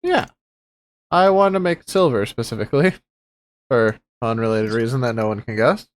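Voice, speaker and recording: A man's voice: mid-range voice, normal speed. A man playing a tabletop game, talking casually with laughs and swearing. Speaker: player.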